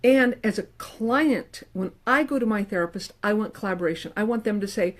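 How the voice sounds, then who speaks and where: A middle-aged woman counselor talking casually to the camera, animated and emphatic, with playful quoted asides. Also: medium pitch, a little fast, few pauses. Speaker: licensed professional counselor. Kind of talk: casual advice talk to camera.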